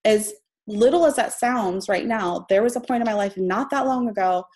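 A woman's voice: mid-range voice, normal speed, a little mellow. A young woman mentoring on a live stream, chatty and heartfelt, laughing between phrases. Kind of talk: casual live-stream teaching.

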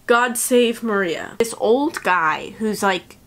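A young woman talking casually to camera about a book she found confusing. She is sarcastic and animated, swears freely and slips into quick voices for the characters. Her pitch sits in the middle range. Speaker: vlogger. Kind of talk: casual book review chat.

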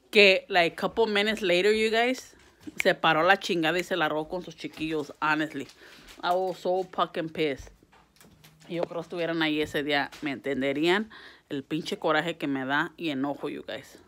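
A woman's voice: lowish voice, a bit bright, a little hiss or hum. A woman venting to camera in a casual vlog, swearing and switching between English and mid-sentence, exasperated and heated. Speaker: vlogger.

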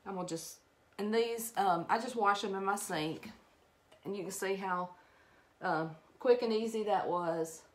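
A woman's voice: mid-range voice, unhurried. Chatty Southern woman from Alabama. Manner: chatty and rambling, greets viewers, laughs at herself. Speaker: craft live-stream host. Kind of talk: casual live-stream crafting demo.

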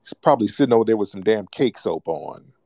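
Deep-voiced American male talk host, taunting and insistent, dry close mic. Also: animated, quick pace, darkish tone, dry recording. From United States. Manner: mocking, insistent, repeats himself. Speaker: radio show host. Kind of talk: heated call-in argument.

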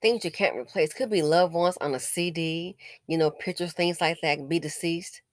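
A woman's voice: lowish voice, normal speed, no echo, clean studio sound. A woman giving casual news commentary, indignant and scolding, with sarcastic exclamations.

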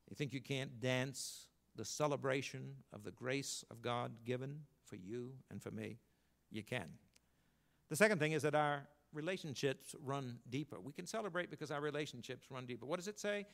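An older man preaching a sermon as pastor, telling folksy stories and swinging between emphatic lines and quiet asides. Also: gravelly. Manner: folksy storytelling, rising to emphatic then dropping low.

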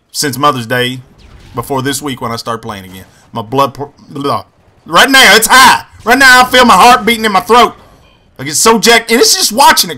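A young man giving crude, excitable gameplay commentary, swinging between yelling and muttering. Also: on the high side.

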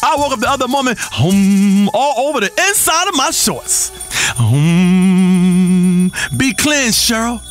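A volatile self-important radio guru. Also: male voice, very high-pitched, lively intonation, moderate pace, hardly any pauses, faint music behind. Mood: crooning. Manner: volatile, rambling, swings from crooning to shouting. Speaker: radio health show host. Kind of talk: comedic radio talk show performance.

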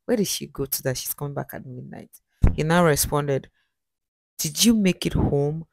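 A host reads text messages aloud at a middle pitch and comments on them. The sound is dry and close, with no room around it. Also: normal speed, vocal fry, no echo.

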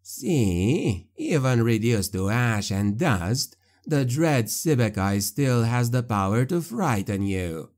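A man voicing a scheming, condescending male necromancer, low and slow with mocking menace. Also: sing-song, darkish tone.

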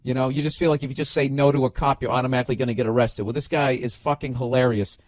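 A middle-aged man hosting a podcast races along in a mid-range voice, telling animated, loosely structured stories and casual rants. His speech is profane, full of swearing, and frequently restarted.

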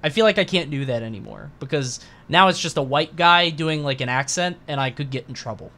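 A man co-hosting a casual gaming podcast, talking loosely and quick to laugh along and concede points. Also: on the high side, expressive, pushed and bright. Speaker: podcast co-host, commentator. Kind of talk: casual chat.

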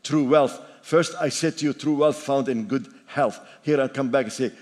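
A man's voice: mid-range voice, normal speed, few pauses, darkish tone. Older man preaching in a reverberant church. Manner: emphatic, repetitive preaching with joking asides. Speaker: pastor. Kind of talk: sermon. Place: church sanctuary. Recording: long reverb of a church hall.

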